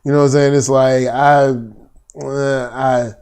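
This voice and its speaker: A man's voice: medium pitch, little pitch movement, unhurried, darkish tone, clean tone. A man co-hosting a casual commentary show, talking bluntly in slang with lots of restarts. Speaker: podcast co-host.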